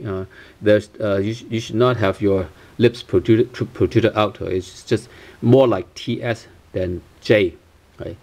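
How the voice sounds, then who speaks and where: A man with as his teaches pronunciation at an unhurried pace. He drills each sound again and again, patiently, with plenty of "uh" fillers between examples. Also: medium pitch, expressive, gravelly, a little mellow. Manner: slow, patient, repeats sounds many times with frequent uh fillers. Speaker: language teacher. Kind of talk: pronunciation lesson.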